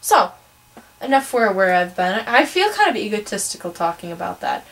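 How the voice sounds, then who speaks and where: A teenage girl with a Wisconsin, Midwestern American accent rants casually in a vlog, chatty and opinionated, with many ums and sos. Her mid-range voice is very animated and fairly bright at a moderate pace. The recording is rough.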